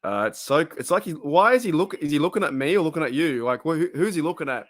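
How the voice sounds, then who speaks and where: Giggly Australian man, fairly high voice. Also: animated, fast. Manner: giggly, rambling, breaks into laughter. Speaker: streamer hosting a football watch party. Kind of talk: casual live-stream chat.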